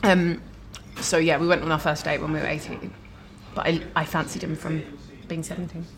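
A woman's voice: low-pitched, flat delivery, normal speed, a little hiss or hum. A woman who is a musician, chatting frankly and laughing easily as a guest over a meal. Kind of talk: casual chat over a meal. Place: dinner table. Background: clinking cutlery and dishes.

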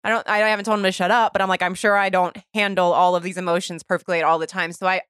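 A woman's voice: on the low side, little pitch movement, fast, a bit bright, clean tone, no echo, studio quality. A woman in her thirties hosting a podcast, talking animatedly and openly, with swearing and laughter. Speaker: podcast host. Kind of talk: casual chat.

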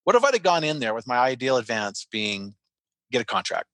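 A man talks quickly and energetically about closing sales, the words tumbling out. He throws himself into a story and acts out his own reactions along the way. The sound is dry and close, with no room around it. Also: medium pitch, big pitch swings, fairly bright tone, no room sound. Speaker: sales trainer guest. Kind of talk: podcast conversation with storytelling.

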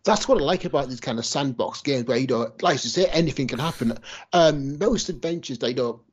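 A man with a husky, mid-pitched voice co-hosts a casual podcast. He talks in a relaxed way, hedging with fillers. The audio is dull and lo-fi. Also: a little fast. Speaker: podcast co-host.

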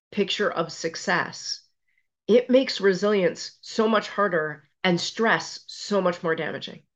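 A middle-aged woman, a physician and resilience expert appearing as an interview guest, tells personal stories in conversation with emphatic, self-deprecating humor. Her fairly low voice comes through a slightly muffled, lo-fi recording.

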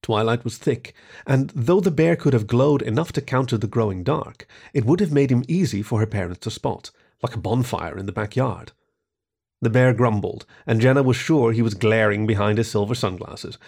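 A man narrating a short story in an expressive reading voice. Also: mid-range voice, normal speed, vocal fry.

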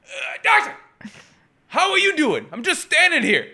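A man's voice: very high-pitched, wildly swooping pitch, unhurried, pushed and bright, pitched above the performer's own voice, heavily acted. A man voicing a flustered elderly husband who acts casual on the phone.

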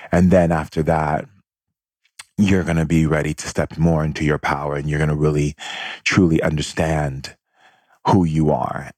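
A man's voice: low voice, darkish tone, no echo, clean studio sound. A man telling a personal story in a casual, rambling way, with lots of fillers and acted-out quotes.

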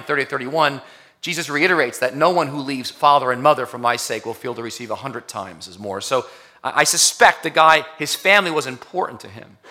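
A male pastor delivers a sermon in a bright, forceful voice. He talks in a casual, conversational way and then presses harder as his points build. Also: mid-range voice. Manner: conversational preaching, rising to emphatic. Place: church sanctuary.

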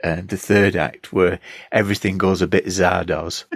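Man, deep voice, thoughtful casual chat, dry recording. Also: steady tone, measured pace, gravelly, no echo. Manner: reads review excerpts aloud, thoughtful. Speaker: podcast co-host.

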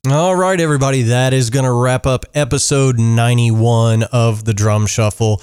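A man hosting an interview podcast in a casual, upbeat way. His voice is smooth and resonant, and his pitch sits in a middle range. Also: steady tone, normal speed, a little mellow. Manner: friendly, upbeat sign-off. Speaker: podcast host.

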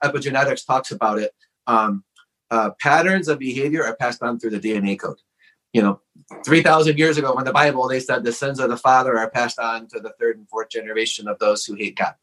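A man's voice: medium pitch, a bit bright, low-quality recording. A man as a podcast guest, telling a personal story in a frank, earnest way with lots of casual "like" fillers.

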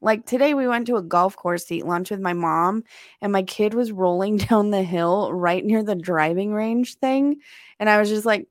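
A woman's voice: medium pitch, normal speed, no echo, studio quality. A young woman co-hosting a podcast, chatting casually and laughing often at herself. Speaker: podcast co-host. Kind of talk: casual chat.

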